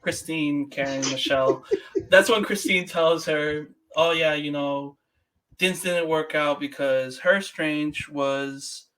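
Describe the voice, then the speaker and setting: A man's voice: a little high, slow pace. A man co-hosting a podcast, animatedly retelling a movie scene by scene. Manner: animated retelling with laughs and quoted reactions. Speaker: podcast co-host. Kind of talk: casual movie review chat.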